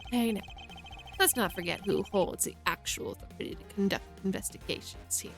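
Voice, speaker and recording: A woman's voice: mid-range voice, brisk, creaky, soft background music, close to an everyday voice. A woman voicing a brash, arrogant male police agent in a game read-through, talking cocky and dismissive. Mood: taunting.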